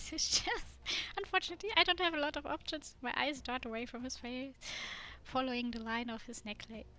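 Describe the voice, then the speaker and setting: A woman streamer reading a dating game aloud in a soft, immersive way. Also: a little high.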